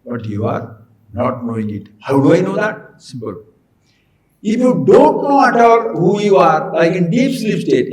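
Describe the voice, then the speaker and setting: Male spiritual teacher, slightly high voice, echoey room, animated questioning delivery. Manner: animated, rhetorical questions to listeners. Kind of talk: spiritual discourse.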